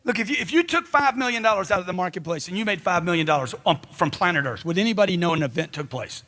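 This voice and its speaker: A man giving a live motivational speech into a handheld mic, loud and punchy, firing off rhetorical questions. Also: sits high, lively intonation, quick pace, in a large hall. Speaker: motivational speaker.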